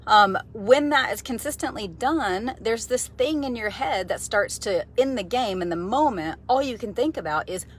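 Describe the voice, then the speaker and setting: Husky-voiced woman chatting in a car. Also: fairly high pitch, lively intonation, moderate pace, hardly any pauses. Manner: enthusiastic, conversational, many fillers and restarts. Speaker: vlogger, mindset coach. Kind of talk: casual talking-to-camera vlog. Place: parked car.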